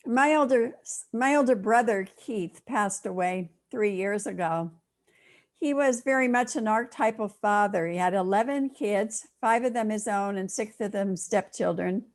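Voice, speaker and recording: Older woman minister, sermon storyteller, mid-pitched, expressive pauses.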